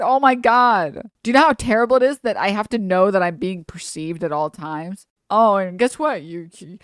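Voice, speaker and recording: Woman streamer, high voice, dry close sound, animated sarcastic ranting, swears a lot. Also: dry recording. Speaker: streamer reacting to a video. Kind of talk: casual live-stream commentary.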